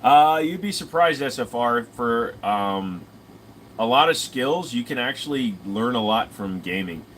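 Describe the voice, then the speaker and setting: A man's voice: medium pitch, lively intonation, unhurried, fairly bright tone, a little hiss or hum, low-quality recording. Sleepy man riffing crudely with chat. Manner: crude joking, riffing impressions. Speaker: streamer answering chat. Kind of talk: casual late-night chat.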